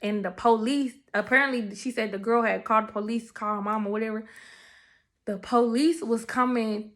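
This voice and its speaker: Bright-voiced young woman, animated storytelling. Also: a little high, brisk. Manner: animated, talks straight to her viewers. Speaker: testimony speaker. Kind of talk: casual storytelling to camera.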